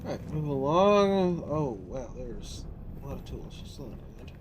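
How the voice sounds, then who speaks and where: A streamer from California giving profane, animated live gameplay commentary, now and then slipping into a joking southern drawl. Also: mid-range voice, a little slow, noisy background. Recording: game music behind the voice. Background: game music and sound effects.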